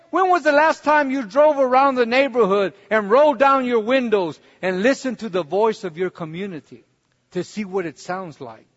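A man preaching a sermon, telling his own story in a conversational way and building to fervent preaching. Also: very high voice. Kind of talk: sermon with personal testimony. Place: church hall. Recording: dull recording in a reverberant hall.

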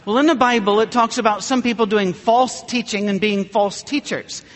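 A man's voice: high voice, steady tone, moderate pace, fairly bright tone, long reverb tail. A man preaching a humorous sermon, telling stories in a dry way and acting out the people in them. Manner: dry storytelling with mock dialogue.

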